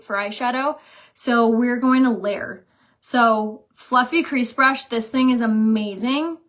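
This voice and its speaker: A woman's voice: fairly high pitch, fairly bright tone. Chatty young woman doing a makeup tutorial. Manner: chatty, many "um" and "like" fillers. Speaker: makeup vlogger and beauty consultant. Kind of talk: casual makeup tutorial, reading viewer comments.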